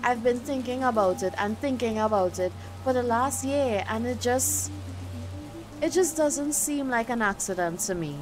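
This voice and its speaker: A woman reading the lines of a grieving young woman in a game, hushed and wistful. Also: on the high side, expressive, moderate pace, natural voice. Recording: game music behind.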